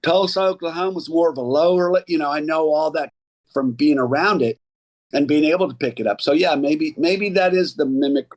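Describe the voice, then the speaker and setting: A middle-aged actor and acting coach chatting casually as a podcast guest, rambling and restarting as he tells stories. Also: a little high. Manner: rambling, restarts often, animated storyteller.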